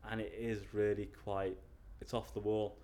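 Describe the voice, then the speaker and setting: With a lowish, slightly mellow voice, an Englishman being interviewed keeps a level tone and normal speed. He hesitates, restarts his answers often, and gives embarrassed little chuckles.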